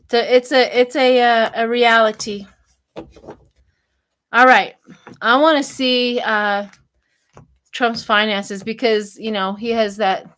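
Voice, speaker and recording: A woman's voice: fairly high pitch, a bit bright. An older woman from Colorado doing a casual, chatty tarot reading for her channel, laughing often and wandering into gossipy asides. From Colorado, United States. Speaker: tarot reader.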